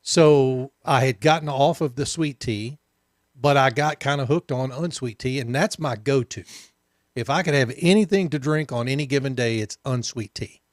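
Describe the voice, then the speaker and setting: A man from the Southern United States co-hosting a radio talk show, relaxed and wry, reading listener comments between banter. His voice sits at an ordinary middle pitch. It is recorded close and dry in the studio. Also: normal speed, dry recording. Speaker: co-host. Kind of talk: casual chat.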